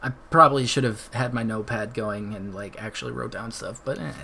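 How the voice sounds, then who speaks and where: A man's voice: fairly low pitch, steady tone, a little fast, vocal fry, bright, forceful tone, slight background noise. A man hosting a live stream, chatting casually and rambling with frequent laughs. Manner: laid-back, rambling, laughs often. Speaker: streamer host.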